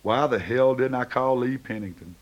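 A man voicing a brooding, restless young man who talks gruffly and mutters. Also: medium pitch, moderate pace, highs cut off, natural voice.

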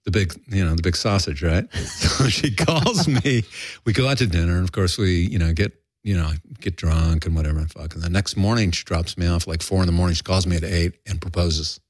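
A man's voice: sits low, a little fast, dry recording, studio quality. An older man telling a rambling, profane story in a candid interview, acting out quoted voices. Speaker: guest.

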